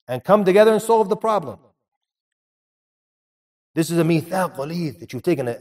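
A man's voice: on the high side, darkish tone, far from the mic. A man giving a sermon, earnest and repeating phrases for emphasis. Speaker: preacher.

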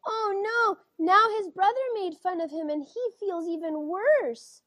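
A woman teacher reading a picture book aloud to children, gently asking them questions as she goes. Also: very high-pitched, a little slow, dry recording. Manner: gentle, questioning, keeps checking in with the kids.

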